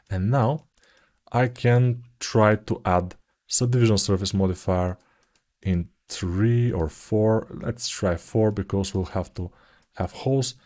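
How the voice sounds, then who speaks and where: Guy in his 40s doing a chill live modeling tutorial, lowish voice, mumbles when focusing, cracks little jokes. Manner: low-key, murmurs quietly while concentrating, joking asides.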